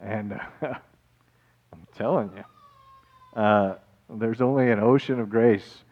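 A man preaching a sermon in a casual, animated way, calling his listeners guys and folks, swinging between loud and soft. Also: lowish voice, muffled recording. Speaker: pastor.

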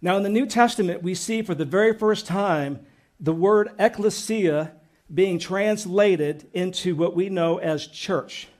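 Guy pastor w a high voice, preaching, gets all fired up and emphatic. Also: measured pace. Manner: earnest, growing excited and emphatic. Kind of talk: sermon.

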